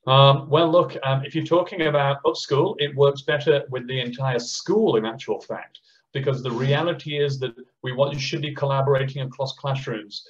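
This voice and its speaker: A man's voice: mid-range voice, steady tone. Passionate Australian man on a muffled call. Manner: passionate, acts out teachers and children in quick impressions. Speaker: education speaker. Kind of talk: online conference talk and Q&A.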